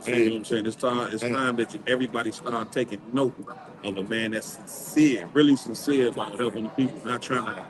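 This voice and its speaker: A plain-spoken man talks forcefully in a casual street chat, his voice at an ordinary middle pitch. A lively crowd murmurs clearly behind him. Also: a little fast, poor audio. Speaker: show regular.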